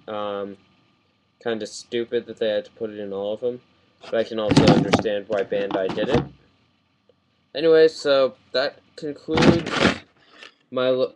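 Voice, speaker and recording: A lowish-voiced man reviews a model kit in a casual, wandering style, excited and often backtracking mid-sentence. The webcam mic recording is very noisy.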